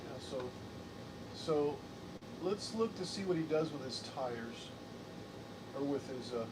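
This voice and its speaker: A man hosting a casual live stream, thinking aloud in halting, repeated phrases. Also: animated. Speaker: livestream host. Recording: distant mic, noisy air conditioning rumble.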